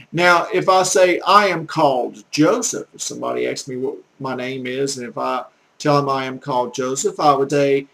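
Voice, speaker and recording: A man with a Southern US drawl leads a homespun French lesson, talking slowly and filling the gaps with "uh." His voice sits a little high for a man and has a gravelly rasp. He rambles in a folksy way and draws out each French phrase. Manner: folksy and rambling, frequent "uh" fillers, slow drawn-out French words. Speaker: amateur French teacher. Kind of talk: casual home-made language lesson.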